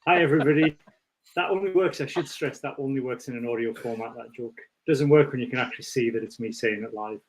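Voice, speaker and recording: A man's voice: medium pitch, quick pace, low-quality recording. A Scottish man hosting a casual podcast chat over a call, joking and self-mocking. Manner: jokey, self-mocking banter. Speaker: podcast host.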